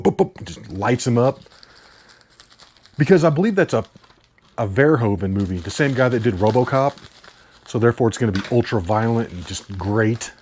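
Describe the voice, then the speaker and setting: Regular-pitched guy rambling excitedly through an unboxing, laughing a lot. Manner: enthusiastic, rambling, laughs often. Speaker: host. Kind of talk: casual unboxing chat.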